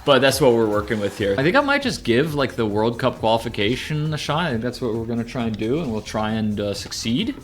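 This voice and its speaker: A man streaming a video game, talking casually and rambling, then bursting into loud excited shouts during play. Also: mid-range voice, fairly quick, few pauses, a little hiss or hum. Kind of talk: casual live gameplay commentary.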